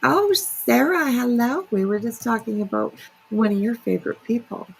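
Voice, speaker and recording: A woman's voice: on the high side, animated, normal speed, creaky, husky, poor audio. A woman hosting a casual livestream, chatty and filler-heavy, greeting viewers by name. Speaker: livestream commentary host.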